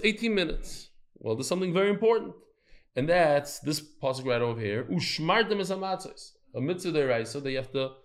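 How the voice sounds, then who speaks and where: Male Talmud teacher, slightly high voice, animated storyteller in front of a live class. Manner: animated, storytelling, quizzes the listeners.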